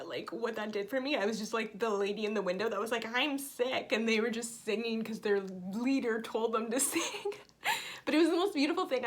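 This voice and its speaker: Woman, 30s, home crafting vlogger; emotional, rambling storyteller with an animated, high-ish voice. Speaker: flosstube vlogger. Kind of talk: casual chat.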